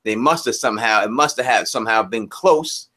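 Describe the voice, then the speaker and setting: A man co-hosting a live-stream review show, talking casually in a laid-back way and shouting out viewers in the chat. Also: lowish voice, a little fast.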